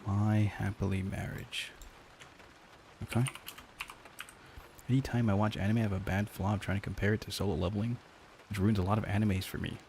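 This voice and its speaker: A man's voice: fairly low pitch, fairly even intonation, fast, pauses often, darkish tone, slight background noise. A man streaming and chatting with his viewers in a rambling, joking way, using a lapel mic. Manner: rambling, joking, talks to chat. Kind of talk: casual live-stream chat.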